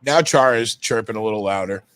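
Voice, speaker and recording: A man's voice: on the low side, fast talker, a bit bright, clean tone, no room sound. A man hosting a live hockey watch stream, chatting casually and rattling off player names. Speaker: stream host. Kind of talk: casual live game commentary.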